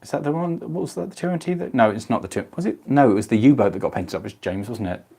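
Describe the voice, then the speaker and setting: A man's voice: medium pitch, expressive, fast talker, creaky, mellow, husky. A young man, chatting casually on a live stream and answering viewers' comments by name.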